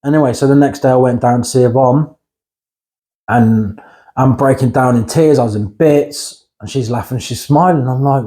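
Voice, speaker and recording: Frank man with a mellow voice. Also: mid-range voice, normal speed. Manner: blunt and frank, swears, keeps checking in with "right?". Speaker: interview guest. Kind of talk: candid personal storytelling.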